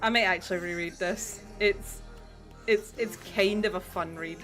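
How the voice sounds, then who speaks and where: Woman streamer, bright voice, rambling casual chat, faint music in the background. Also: lowish voice, moderate pace. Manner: rambling, chatty, frequent restarts and swearing. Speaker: livestream host. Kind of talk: casual chat while painting.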